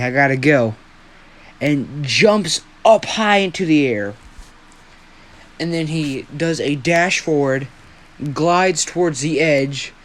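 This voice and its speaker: A young man who runs a fan-story channel improvises a tale, rambling and poking fun at himself while swearing a lot. His voice is fairly high.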